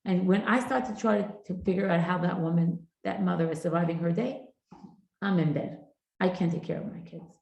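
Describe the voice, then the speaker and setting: A woman's voice: lowish voice, steady tone, moderate pace, vocal fry, darkish tone, roomy sound, highs cut off. A middle-aged woman teaching a parenting class in a chatty, informal way, mixing Hebrew and Yiddish terms into her talk.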